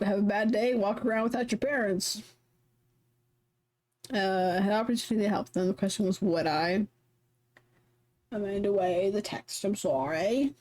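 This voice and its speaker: A young woman on a live stream reads a visual novel aloud, chatting casually and animatedly between lines. She swears freely and rambles through stories in a medium-pitched, darkish voice.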